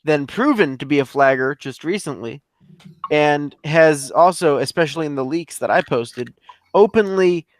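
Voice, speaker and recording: A man speaking deliberately in a casual livestream discussion. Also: fairly high pitch, lively intonation, slight background noise. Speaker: stream panelist.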